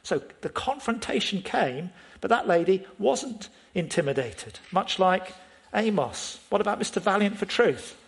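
A man's voice, pitched a little above the usual male range, delivers a sermon. He speaks with firm emphasis and keeps turning to his listeners with questions. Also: expressive, unhurried, vocal fry. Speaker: preacher.

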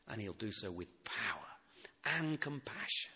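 Preacher with a bright voice in a reverberant church. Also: male voice, lowish voice, unhurried, husky. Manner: expressive, swinging from loud emphasis to hushed tenderness. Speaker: pastor. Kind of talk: sermon.

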